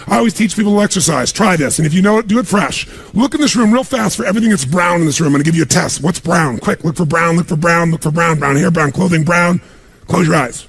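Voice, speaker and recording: A man with a high, slightly rough voice and vocal fry speaks as a motivational speaker at a seminar. Addressing a live audience in a large room, he's emphatic, pushing them with repeated commands.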